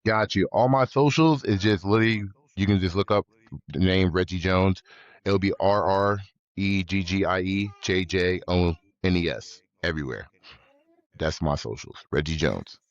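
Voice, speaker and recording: Low-voiced young American man. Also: moderate pace, no echo, lo-fi sound. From United States. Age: young adult. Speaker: guest, college football player. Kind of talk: remote interview.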